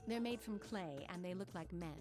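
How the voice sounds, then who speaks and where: A woman's voice: lowish voice, moderate pace, music in the background, lightly acted. A woman playing a haughty refined woman. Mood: explaining.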